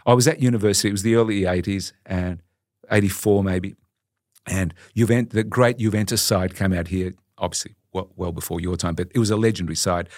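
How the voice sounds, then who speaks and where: An Australian man in his sixties, a podcast guest telling stories in a lively, animated way. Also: deep voice, brisk, dry recording, clean studio sound. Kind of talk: casual storytelling.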